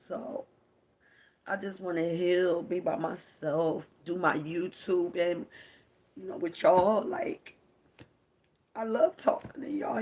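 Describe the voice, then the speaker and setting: A woman's voice: fairly low pitch, darkish tone, breathy edge. A young woman with a Baltimore accent, speaking to her viewers on a live stream in a grieving, confiding way. Her voice often drops to a whisper, and she is recorded close on a phone.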